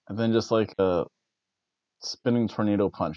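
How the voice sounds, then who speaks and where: A man casually reviewing wrestling matches, rambling and restarting his sentences with the odd chuckle. His voice is mid-pitched. The audio is dry and slightly muffled, like a modest home setup. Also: measured pace, long pauses, smooth, dry recording. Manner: rambling, self-correcting, chuckles often. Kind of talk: casual spoken event review.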